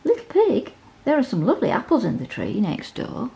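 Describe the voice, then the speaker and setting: A woman voicing a greedy, bullying big bad male wolf in a bedtime storybook, with loud, growly demands. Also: fairly high pitch, huge pitch swings, brisk, creaky, voice pushed up, full character voice, rough recording. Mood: wheedling.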